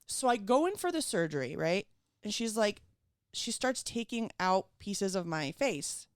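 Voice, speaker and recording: A woman from Venezuela, a podcast guest, telling a funny story in a lively voice, acting out every quote. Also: medium pitch, a little slow, no echo, studio quality. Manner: animated, acts out quotes with swearing and laughs. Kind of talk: casual comedic storytelling.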